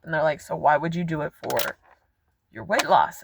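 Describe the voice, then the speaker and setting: A woman's voice: low voice, animated, fairly quick, vocal fry, noisy background. A woman in her forties talking frankly in a rambling personal vlog from her car, swearing freely. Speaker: vlogger.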